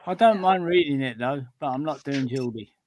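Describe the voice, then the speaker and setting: A man chatting casually on a live writing stream, talkative and quick to laugh. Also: medium pitch, a little mellow, slight background noise.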